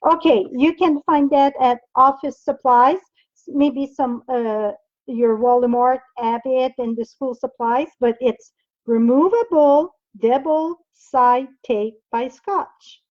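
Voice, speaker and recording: A woman's voice: high-pitched, slow pace, darkish tone, muffled recording. A middle-aged French Canadian woman with a French accent, chatting with viewers while demonstrating card making, thinking aloud as she works. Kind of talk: live-streamed crafting demo.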